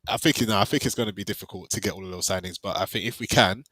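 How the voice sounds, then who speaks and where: A man trades football banter, confident and quick to laugh. His voice is bright and forward and sits a little low. The sound is close and dry. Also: husky, no room sound, poor audio. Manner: laughs often, teasing and confident. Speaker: podcast panelist.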